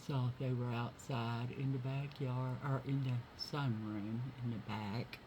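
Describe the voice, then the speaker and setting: A woman's voice: a bass voice, steady tone, moderate pace, few pauses. A woman doing her makeup on camera and chatting to viewers, telling rambling stories from her day in a homey, friendly way. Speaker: beauty vlogger. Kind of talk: chatty makeup tutorial with storytelling. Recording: noisy home recording.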